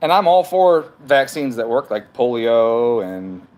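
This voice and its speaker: A man's voice: medium pitch, big pitch swings, a little slow, darkish tone. Profane, argumentative male streamer. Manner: profane, argumentative, talks back to comments. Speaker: livestream host reading chat. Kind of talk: heated casual livestream rant. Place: at home.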